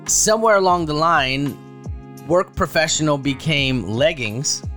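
Animated storytelling man on a podcast. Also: a little slow, faint music behind. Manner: animated storyteller, jumps high when acting out quotes; swears freely. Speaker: podcast co-host. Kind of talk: casual chat.

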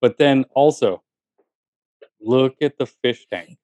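A man co-hosting a casual chat show, speaking animatedly with frequent "you know" fillers and restarts. His voice sits in a middle pitch, and the recording is dry and close, with no room sound. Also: takes it slowly, warm tone, no echo, muffled recording. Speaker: podcast co-host.

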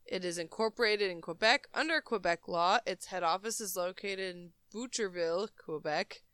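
Bright, giggly woman podcast co-host. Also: fairly low pitch, normal speed, clear, resonant tone, no room sound, studio quality. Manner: giggly, reads aloud with asides and jokes. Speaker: podcast co-host reading a news article. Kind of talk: casual podcast chat.

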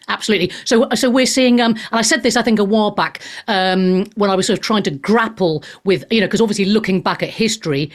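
Chatty woman hosting a talk show. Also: mid-range voice. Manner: chatty, loosely phrased questions. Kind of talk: casual interview chat.

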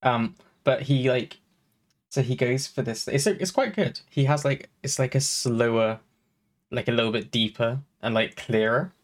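A chatty man talking casually on a podcast, his sentences wandering with ums and restarts. He keeps a loose, friendly conversational flow, his pitch sitting in an ordinary middle range. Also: normal speed. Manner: rambling, chatty, many fillers. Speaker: podcast co-host and streamer. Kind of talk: casual chat.

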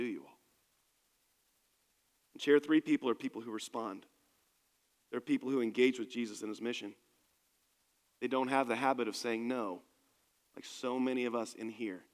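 A man's voice: medium pitch, big-room sound. A man preaching a sermon as pastor, speaking in an emphatic, conversational way to his congregation in a church.

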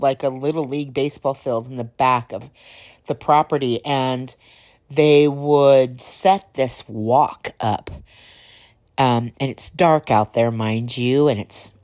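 A woman with a low, deep voice tells stories slowly and casually on her podcast. She rambles a little and sounds slightly hoarse. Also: darkish tone. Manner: rambling, laughs while telling stories. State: slightly hoarse, clearing throat. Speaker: podcast host. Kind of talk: casual storytelling.

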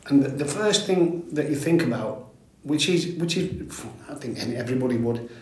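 A man's voice: mid-range voice, expressive, a little mellow. An older man, a former footballer talking candidly as an interview guest, rambling and restarting his sentences often. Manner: rambling, halting with frequent restarts and "mate". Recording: echoey room.

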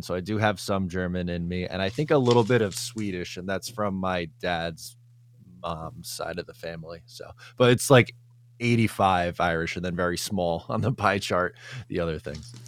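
Low-voiced man breaking down football. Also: clean tone. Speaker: podcast panelist. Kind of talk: casual chat.

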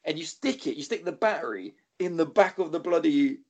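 Chatty male co-host; animated, sweary storyteller with a lively pitch. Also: brisk, highs cut off. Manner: rambling, swears freely, animated quoting. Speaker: podcast co-host. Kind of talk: casual storytelling chat.

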